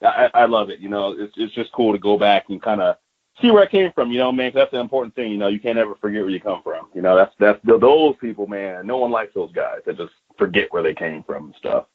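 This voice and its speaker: A man's voice: on the low side, lively intonation, fast talker. A man, a pro wrestler, chatting loosely in an interview, with lots of fillers and "you know, man". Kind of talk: casual phone interview. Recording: tinny phone line.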